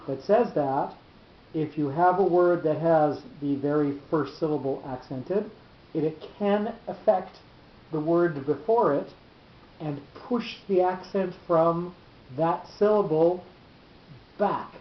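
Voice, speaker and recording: A man teaching a weekly study class, explaining step by step with many filler sounds and restarts. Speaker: Torah teacher. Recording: roomy, dull, faint rumble.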